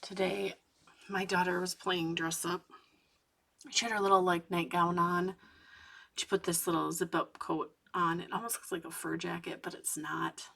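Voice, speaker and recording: A woman in her thirties talks quietly as she colors late at night, now and then slipping into a whisper. Her voice sits low and has a husky, breathy grain with some fry. The faint scratch of a marker on paper runs underneath. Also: little pitch movement, moderate pace. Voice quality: gravelly, husky voice. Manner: soft-spoken, drifting into whispers at times. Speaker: coloring channel host. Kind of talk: relaxed late-night chat while coloring.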